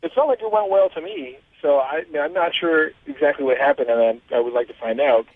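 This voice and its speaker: A man's voice: on the high side, brisk, no room sound. A man calling in to a radio show, unsure and repeating himself as he talks. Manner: uncertain, stammering. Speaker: caller on phone. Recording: tinny phone line.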